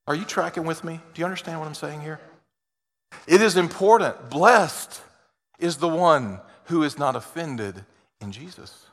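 A man preaching a sermon as a pastor, earnest, moving between loud emphasis and quiet, intimate asides. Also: a little high, animated, moderate pace, in a large hall.

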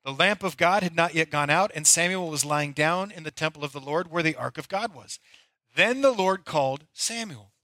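A man's voice: fairly high pitch, normal speed, pushed and bright, no room sound. A middle-aged male pastor delivering a conversational, storytelling sermon.

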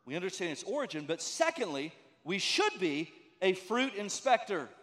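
A man's voice: high-pitched, big pitch swings, moderate pace, a bit bright. A man preaching a sermon as a pastor, conversational and emphatic, with many rhetorical questions. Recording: long reverb of a large hall.

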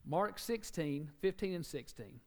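A man from Alabama with a Southern accent, preaching a sermon emphatically, swinging between loud and soft and repeating key words. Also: on the high side, animated, measured pace.

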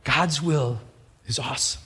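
A man's voice: medium pitch, a little slow, a bit bright. A middle-aged man preaching a radio sermon, telling personal stories in a conversational way. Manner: conversational storytelling preacher, acts out quoted voices. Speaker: pastor.

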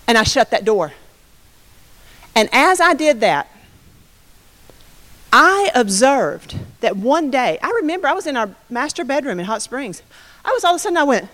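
A woman giving a sermon testimony, telling her story in an animated way and acting out the quotes. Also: high voice, normal speed, long pauses. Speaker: preacher. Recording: reverberant hall.

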